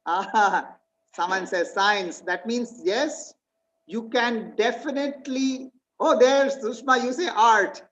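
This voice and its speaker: A woman's voice: fairly high pitch, takes it slowly, a bit bright, poor audio. A woman giving an online presentation, reading slide points and quizzing her listeners. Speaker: webinar presenter.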